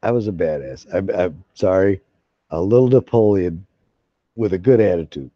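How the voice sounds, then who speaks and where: A man's voice: low voice, moderate pace, no echo. A middle-aged man talking casually as a gaming streamer, rambling, swearing freely and restarting his sentences. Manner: profane, excitable, full of restarts. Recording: dull lo-fi sound.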